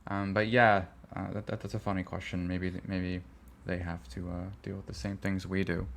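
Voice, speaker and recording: A male guest author with a very deep, gravelly voice who rambles as he thinks aloud. He speaks casually, pausing to search for words. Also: little pitch movement, a bit bright, a little hiss or hum. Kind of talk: casual interview.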